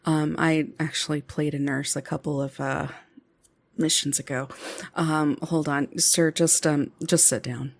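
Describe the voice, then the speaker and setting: A woman's voice: deep voice, steady tone, measured pace, creaky, full character voice. A woman playing a polite, fussing helper. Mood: solicitous. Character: polite, solicitous woman with nursing experience.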